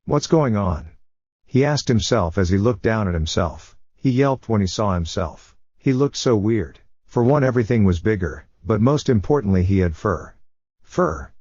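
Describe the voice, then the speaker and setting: A man narrating a fiction story in a steady storytelling manner. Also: on the low side, no echo. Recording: dull dry lo-fi recording.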